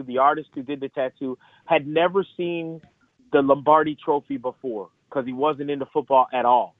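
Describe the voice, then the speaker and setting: A man who is a guest golf analyst tells a story in an animated way, laughing often, over the phone. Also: on the high side, no room sound. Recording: tinny phone line, dry.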